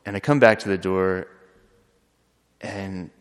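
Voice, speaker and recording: Friar telling a story, lowish voice, kinda halting and earnest, big hall echo. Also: male voice, fairly even intonation, clear, resonant tone. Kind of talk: storytelling talk. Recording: long hall reverb.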